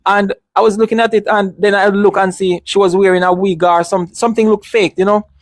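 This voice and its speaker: Man, high-pitched, emphatic, repetitive, casual discussion, dry recording. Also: fairly even intonation, fairly quick, no echo. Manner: emphatic, repeats himself, many restarts.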